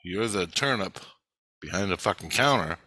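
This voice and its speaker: A man telling a dream in casual, profane storytelling, swearing constantly and getting animated as he retells it. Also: low voice, moderate pace, dry recording.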